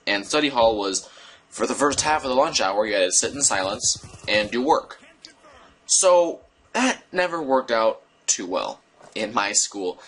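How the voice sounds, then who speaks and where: A young man telling a story casually to his viewers, rambling and digressing with an animated delivery. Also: mid-range voice, a little hiss or hum. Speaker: vlogger.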